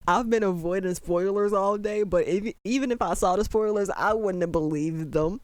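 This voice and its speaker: A reaction commentator at home at night, talking in animated, disbelieving exclamations while trying to keep the voice down. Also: mid-range voice, normal speed, few pauses, no room sound. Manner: holding the voice down at night. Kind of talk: excited first-watch reaction commentary.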